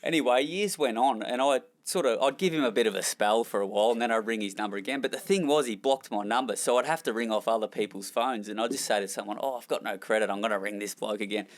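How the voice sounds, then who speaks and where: A man's voice: mid-range voice, quick pace, few pauses. A young Australian man, a former jockey, telling rambling, self-deprecating stories in an interview. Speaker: former jockey and trainer, guest. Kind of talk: candid storytelling in a podcast interview.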